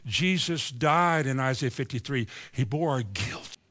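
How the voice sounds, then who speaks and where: A man preaching a fiery sermon, swinging from low musing to loud exclamations. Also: expressive, a little slow, hardly any pauses.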